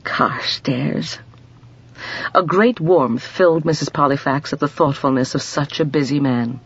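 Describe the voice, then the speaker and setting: A woman reading an audiobook in measured storytelling narration. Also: sits low, slightly rough, lo-fi sound.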